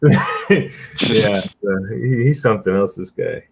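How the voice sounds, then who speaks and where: A man's voice: on the low side, slow, creaky, background noise. A man chatting casually, rambling and full of filler words, laughing often. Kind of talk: casual chat.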